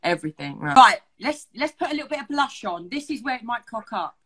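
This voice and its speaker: A woman's voice: fairly high pitch, sing-song, fast, fairly bright tone, husky, low-quality recording. A woman hosting a casual makeup chat over a video call, teasing and laughing as she gives instructions. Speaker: makeup tutorial host.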